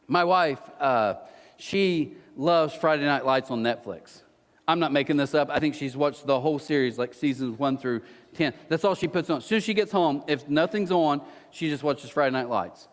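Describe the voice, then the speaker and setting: A man, a pastor, delivering a sermon with animated storytelling and self-mocking humor. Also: fairly high pitch, long reverb tail. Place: church auditorium.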